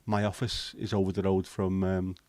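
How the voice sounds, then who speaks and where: A man's voice: low-pitched, little pitch movement, moderate pace, darkish tone, no echo. A man, hosting a casual livestream chat, bantering with viewers and swearing casually. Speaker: livestream host.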